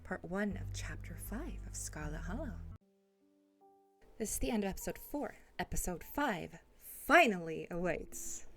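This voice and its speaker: Bright-voiced woman streamer chatting. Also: lowish voice, animated, moderate pace, faint music behind. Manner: chatty, swears and laughs often, emotional reactions. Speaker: let's play streamer. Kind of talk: casual game commentary.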